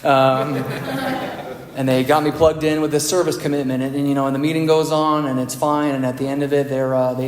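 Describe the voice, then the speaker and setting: Male speaker, mid pitch, fairly monotone, candid and wry, recorded from a reverberant meeting hall. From United States. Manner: candid, self-deprecating, conversational. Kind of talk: personal recovery talk. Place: meeting room.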